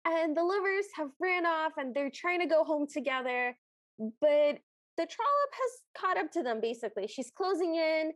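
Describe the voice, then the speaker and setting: A woman's voice: high voice, moderate pace, dry recording. A woman co-hosting a podcast, casually recapping a film and retelling its scenes with animation. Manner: animated retelling, acting out quotes. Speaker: podcast co-host.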